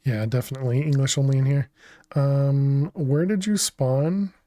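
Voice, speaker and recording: A man's voice: medium pitch, dry recording. A man streaming a video game, chatting casually as he thinks aloud and answers his chat, often laughing. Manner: laughs often, relaxed and unhurried. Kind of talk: casual gaming livestream commentary.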